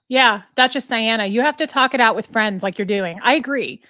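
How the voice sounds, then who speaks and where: A woman's voice: fairly high pitch, a little fast, hardly any pauses, bright, forceful tone, no room sound. Chatty woman streamer, dry sound. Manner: chatty, storytelling, cooing to her dog. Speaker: livestream host. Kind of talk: casual livestream chat. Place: home.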